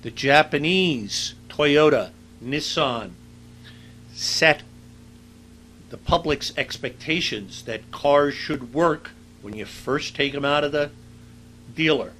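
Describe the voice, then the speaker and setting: A middle-aged man lectures to a class in a loose, storytelling way, often pausing on "uh" and "you know". His voice is bright and forward. A faint steady hum sits under the recording. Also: a little high, poor audio. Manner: conversational, anecdotal, with frequent fillers. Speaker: university lecturer.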